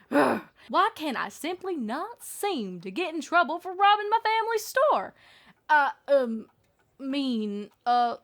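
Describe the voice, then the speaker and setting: A woman's voice: sits high, fairly bright tone, heavily acted. A woman voicing a young female farm pony who plays at being an outlaw, with a Southern drawl and a grumbling, boastful way of talking, in a fanfic audiobook reading. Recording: faint music behind.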